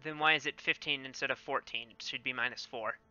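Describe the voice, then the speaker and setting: A man running a tabletop game as game master, talking haltingly with many ums and self-corrections over a dull lo-fi mic. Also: medium pitch, steady tone, bright, forceful tone.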